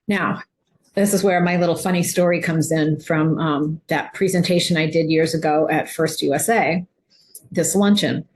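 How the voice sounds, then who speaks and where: A woman's voice: low-pitched, normal speed, a little hiss or hum. A woman nutrition coach, talking casually over slides, rambling with many fillers and restarts.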